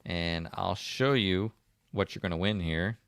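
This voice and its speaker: Fifties male host, South Jersey accent, low gravelly voice, dry close sound, chatty and rambling. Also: a little slow, fairly bright tone, no room sound. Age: 50s. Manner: rambling, chatty, with frequent ums and restarts. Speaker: livestream host. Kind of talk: casual livestream chat reading comments.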